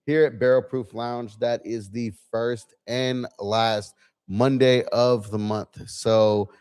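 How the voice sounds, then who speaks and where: A man's voice: medium pitch, steady tone, slow pace, a little mellow, clean tone, no echo. Laid-back man hosting a bar livestream. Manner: laid-back, chatty, testing gear while talking. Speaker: livestream host. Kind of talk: casual livestream chat. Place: bar lounge indoors.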